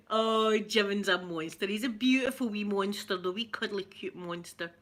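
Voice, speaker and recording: A middle-aged Scottish woman chatting away to her live viewers with a bright, clear voice. She greets people by name and laughs easily as she talks. Her pitch sits in an ordinary middle range. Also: a little slow. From Scotland. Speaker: ASMR livestream host. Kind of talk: casual chat with live viewers.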